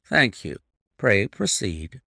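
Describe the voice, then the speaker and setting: Male reader playing a cool, precise Victorian detective for an audiobook, low and gravelly, formal and clipped. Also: sing-song, bright, forceful tone, no echo, clean studio sound, full character voice. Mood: measured. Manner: formal, measured, commanding. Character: calm, precise male detective, middle-aged.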